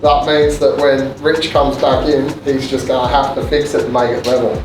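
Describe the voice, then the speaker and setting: A man's voice: mid-range voice, little pitch movement, normal speed. A man hosting a renovation vlog, explaining the work in a chatty, joking way, inside a kitchen being rebuilt. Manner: chatty, joking, loose with fillers. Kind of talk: casual on-site explanation. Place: indoor kitchen under renovation. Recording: echoey room with loud music behind.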